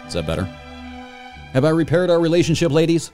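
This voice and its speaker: A man's voice: fairly high pitch, sing-song, fast. A man hosting a podcast, telling stories and ranting in crude, joking banter. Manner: profane, ranting, jokey. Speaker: podcast host. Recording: faint music bed behind.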